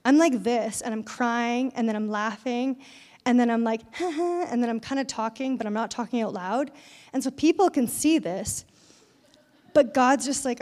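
A young woman giving a conversational sermon, telling a personal story with lively voiced quotes. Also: on the high side, moderate pace, in a large hall. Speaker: speaker at a church event.

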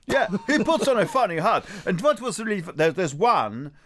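A man's voice: high-pitched, normal speed. A man in casual podcast chat, telling stories animatedly, humming tunes and mimicking people. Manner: animated storyteller, sings melodies and mimics people. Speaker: podcast co-host.

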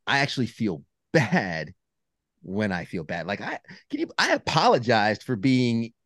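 A man's voice: on the low side, big pitch swings, a little slow, fairly bright tone, no room sound, studio quality. A man speaking as a podcast guest, earnest and reflective as he talks openly about his feelings. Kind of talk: casual conversation.

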